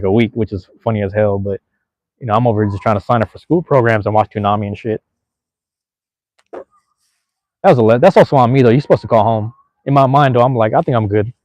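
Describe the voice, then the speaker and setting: Fast-talking laid-back podcast host man. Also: mid-range voice, darkish tone, no room sound. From Seattle. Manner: laid-back, profane, slangy. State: out of breath. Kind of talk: casual storytelling.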